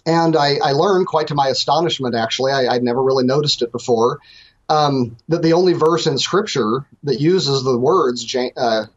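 A man's voice: mid-range voice, moderate pace, breathy edge, dull audio. A man speaking as a guest theologian on a call-in show, thoughtful and hesitant, with many restarts.

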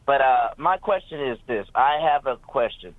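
A male caller, native Hebrew speaker, asking a question on a radio show in a hesitant, halting way. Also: medium pitch, expressive, dry recording. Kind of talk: phone-in question. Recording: tinny phone line.

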